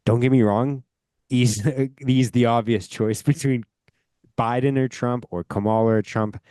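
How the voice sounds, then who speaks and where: A man's voice: mid-range voice, steady tone, a little slow, warm tone, clear, resonant tone, no echo, clean studio sound. A man from Canada hosting a podcast, telling a rambling story in casual chat, swearing often and speaking with emphasis. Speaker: podcast host.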